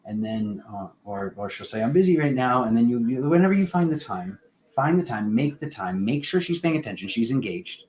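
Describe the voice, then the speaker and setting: A man hosting a casual live-stream tarot reading, talking in an unhurried, rambling spiritual way with many fillers. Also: lowish voice, expressive, darkish tone, rough recording.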